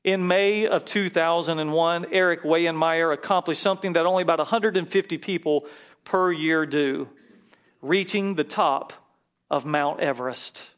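A man's voice: a little high, fairly bright tone. Fervent pastor leading his congregation. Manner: leads the congregation in call-and-response, fervent. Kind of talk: sermon. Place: church with a congregation.

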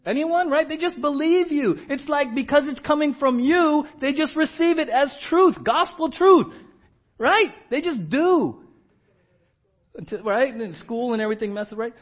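Animated high-voiced male pastor preaching. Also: moderate pace. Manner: animated, swings between loud emphasis and hushed asides. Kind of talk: sermon. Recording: dull lo-fi church recording.

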